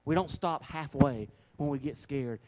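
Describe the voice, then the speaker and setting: A man's voice: on the high side, a little slow, a little mellow. A man preaching a sermon, telling stories in an emphatic, folksy way and repeating phrases for stress.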